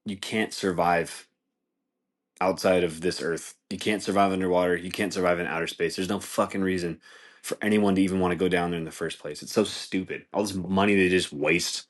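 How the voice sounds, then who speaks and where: A man hosting a podcast, rambling in casual chat with a lot of swearing and restarts. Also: deep voice. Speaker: podcast host.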